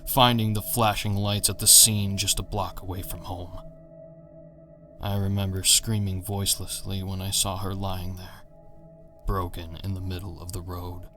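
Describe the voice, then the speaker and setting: A man narrating a horror story in a measured, tense manner. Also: deep voice, little pitch movement, fairly bright tone, faint music behind.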